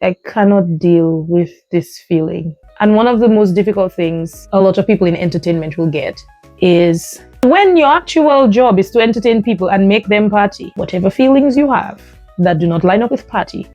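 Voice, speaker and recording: A woman hosting her own podcast, telling a personal story in an animated, emphatic way, often breaking into laughter. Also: medium pitch, moderate pace, dry recording, dull audio, soft background music. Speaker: podcast host.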